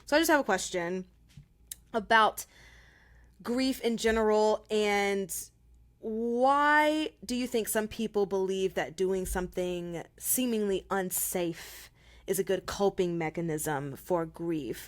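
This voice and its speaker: A woman co-hosting a podcast in casual chat, playful and quick to laugh. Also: mid-range voice. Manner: laughs often, playful and upbeat. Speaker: podcast co-host.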